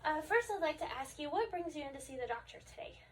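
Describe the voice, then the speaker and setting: A woman conducting a step-by-step health assessment, calmly asking questions and repeating the answers back. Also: high voice, fast talker. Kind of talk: clinical health assessment demonstration. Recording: distant mic with faint background noise.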